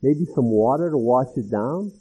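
Pastor guy preaching, husky voice, tinny phone-like sound, jumps around in pitch. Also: moderate pace. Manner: animated, acts out voices of the people in the text. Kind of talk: expository sermon.

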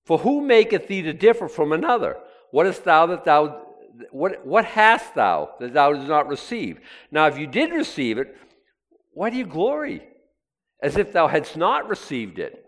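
A man's voice: on the high side, very animated, moderate pace. A man preaching a sermon, reading scripture aloud with sarcastic asides. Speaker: pastor.

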